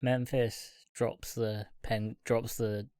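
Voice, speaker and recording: A man's voice: mid-range voice, flat delivery, slow, mellow, smooth, dry recording, clean studio sound. A man co-hosting a film podcast, retelling the plot in a laid-back way and laughing along. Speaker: podcast co-host.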